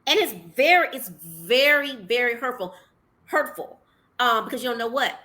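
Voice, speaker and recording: A woman, hosting a casual faith-minded podcast chat and acting out her own words in a lively, exclaiming way. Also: fairly high pitch, moderate pace. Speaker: podcast host.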